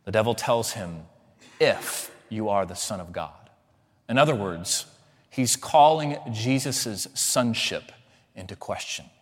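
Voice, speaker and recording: Male pastor, dynamic sermon delivery, church hall with a long reverb tail. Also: mid-range voice. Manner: dynamic preaching, swings between loud emphatic and hushed. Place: church sanctuary.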